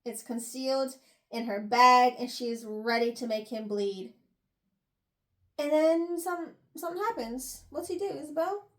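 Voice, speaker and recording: A woman's voice: sits high, a little slow, a bit bright. A young woman casually recapping a novel's chapters, acting out the characters' lines as she retells the plot. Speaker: book review podcast host. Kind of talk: casual book recap chat.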